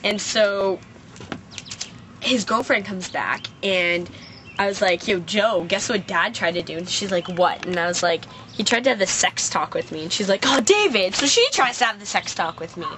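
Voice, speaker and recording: A woman's voice: medium pitch, moderate pace, noisy background. Chatty teenage girl telling a story. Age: teens. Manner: chatty and rambling, full of "like" and "I was like". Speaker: vlogger. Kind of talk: casual storytelling rant. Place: outdoors.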